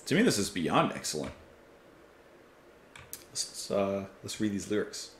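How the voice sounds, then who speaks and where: Low voiced guy gushing about a song, bouncy animated delivery, echoey room. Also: a little slow, long pauses, slight background noise. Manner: enthusiastic, chatty, stumbles over names. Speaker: music reaction channel host. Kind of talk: casual reaction commentary. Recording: roomy echo.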